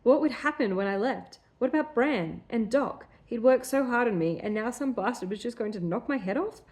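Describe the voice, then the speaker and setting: A woman's voice: a little high, expressive, normal speed, darkish tone. A woman co-hosting a podcast, reading her old story aloud and stopping to make fun of its sentences. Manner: reads her own prose aloud, breaking off to mock it. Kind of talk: reading aloud with casual commentary.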